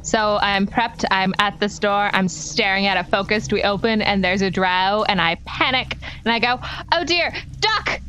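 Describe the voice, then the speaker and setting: A woman's voice: medium pitch, fairly even intonation, moderate pace, hardly any pauses, a bit bright, slight background noise, low-quality recording. A woman playing a tabletop game, chatting and describing her moves aloud. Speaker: player. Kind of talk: casual game chat.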